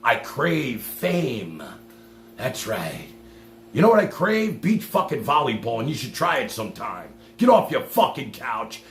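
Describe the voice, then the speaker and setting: A man's voice: mid-range voice, vocal fry. A man hosting a livestream and ranting at a caller in a sarcastic, profane, combative way. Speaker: livestream host. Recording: echoey room with faint hum.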